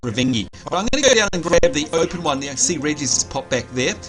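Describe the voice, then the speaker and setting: A man, co-hosting a live game stream and chatting excitedly to viewers. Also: on the high side, rapid-fire. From New Zealand. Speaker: livestream co-host. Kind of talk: live gaming commentary. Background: game music.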